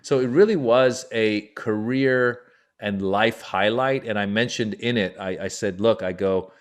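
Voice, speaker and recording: Lively storyteller, a man with deep voice. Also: measured pace. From Iran. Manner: acts out quoted voices with big pitch jumps. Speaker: comedian guest. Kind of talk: animated storytelling.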